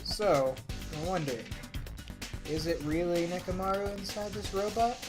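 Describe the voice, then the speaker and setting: A man's voice: high-pitched, fairly even intonation, a little slow. A man hosting a game playthrough, recapping in a dry, offhand way. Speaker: let's play host. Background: game music.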